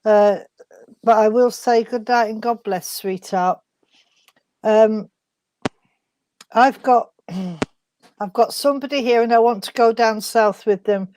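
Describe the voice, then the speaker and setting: Higher-voiced woman medium, dry sound. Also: a little mellow, no room sound. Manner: halting, with many fillers and restarts. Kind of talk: spiritualist demonstration.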